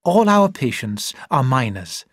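A man voicing a brisk, falsely cheerful middle-aged woman, the doctor's sister, in a storybook reading. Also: medium pitch, very animated, dry recording, studio quality. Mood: bossy cheerful.

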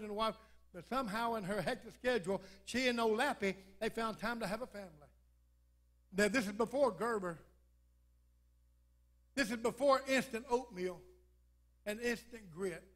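A man preacher telling a lively, joking story in a humorous sermon at church. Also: extremely high pitch.

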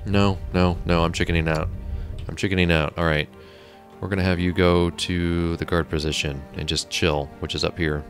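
A man's voice: low voice, little pitch movement, normal speed, faint music behind. A man casually commenting on his own gameplay, muttering to himself and getting exasperated with the characters he controls. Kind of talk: casual let's-play commentary. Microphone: desk mic on a stand.

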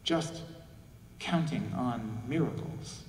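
A man's voice: mid-range voice, slow pace, a little mellow, a little hiss or hum. Man preaching in an echoey church. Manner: reflective, asks rhetorical questions, acts out quoted voices. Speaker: pastor. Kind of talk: sermon. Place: large church sanctuary. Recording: echoey church hall from far off.

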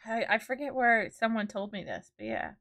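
A woman's voice: on the high side, very animated, normal speed, fairly bright tone. A woman in her twenties, chatting casually with her viewers on a live stream. She rambles as she talks, with lots of "like" and "dude".

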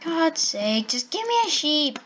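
A chatty, excitable woman narrates her own gameplay, calling out to animals in sing-song baby talk. Her voice sits a little on the high side. A faint hiss runs under the recording. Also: unhurried, low-quality recording. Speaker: gaming channel host. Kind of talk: playful gameplay commentary.

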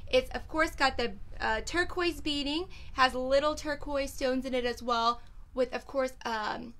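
Bubbly high-voiced woman selling jewelry. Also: pushed and bright. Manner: chatty, bubbly, laid back, lots of fillers. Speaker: online boutique host selling jewelry. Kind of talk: live sales video, casual chat.

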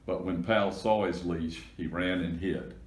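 Deep-voiced man reading a storybook. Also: a little slow. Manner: steady, plain narration. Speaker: reader. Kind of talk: children's storybook read-aloud. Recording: echoey room.

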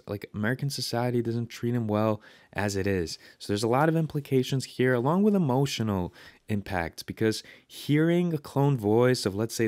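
A man hosting a software tutorial, talking casually and enthusiastically over his screen recording. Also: lowish voice, no echo, studio quality. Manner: chatty, enthusiastic, conversational. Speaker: tutorial host.

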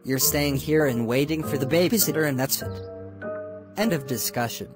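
A man's voice: mid-range voice, moderate pace, over music, lightly acted. A man voicing Blue Dinosaur, a strict father dinosaur who scolds and lays down rules. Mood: stern. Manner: stern, scolding.

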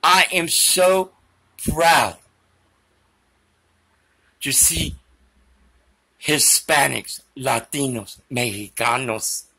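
A man's voice: medium pitch, extremely slow, vocal fry, long pauses, pushed and bright, slightly rough. A man giving a theatrical, emphatic political monologue. His voice is failing, and he slips Spanish phrases and prayer into it.

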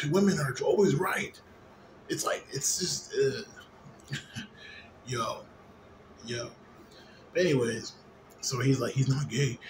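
Tipsy man ranting late at night. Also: mid-range voice. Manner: rambling, profane, with frequent fillers. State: a little drunk. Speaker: vlogger. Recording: noisy ambience behind voice.

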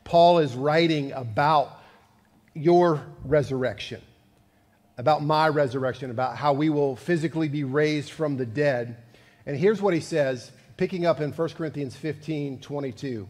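A man's voice: fairly high pitch, normal speed, a little mellow, big-room sound. A male pastor giving a sermon, conversational and building to fervent emphasis. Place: church sanctuary.

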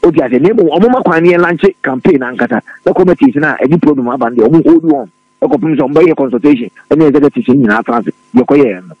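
A man on a political radio talk show, talking quickly and excitedly and repeating his words. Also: on the high side, no room sound, dull audio. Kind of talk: animated political radio discussion.

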